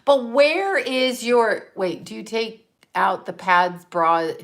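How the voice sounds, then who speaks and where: A woman's voice: a little high, expressive, takes it slowly, a bit bright. A woman hosting her own channel, talking in a blunt, profane, rambling way and laughing at her own jokes. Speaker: channel host. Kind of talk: casual live-stream monologue.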